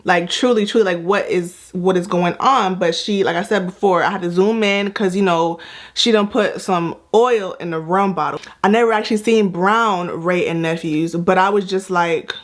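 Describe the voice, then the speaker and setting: A woman's voice: on the low side, normal speed. A young woman hosting a casual hair-care reaction vlog, chatty and playful with emphatic repetitions. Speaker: natural hair vlogger.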